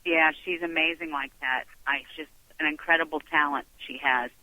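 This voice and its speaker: A man's voice: on the high side, steady tone, moderate pace, sharp tone, no room sound. A man hosting a radio show, chatting casually with a guest and gushing with praise. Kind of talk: casual interview chat. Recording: tinny phone line.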